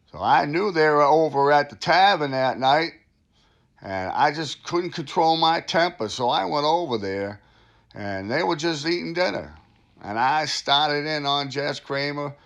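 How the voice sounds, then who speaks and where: A man's voice: mid-range voice, creaky, a bit bright, full character voice. A man playing a smug, boastful, crooked town official who brags about himself and laughs at his own lies. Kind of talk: satirical comedy monologue.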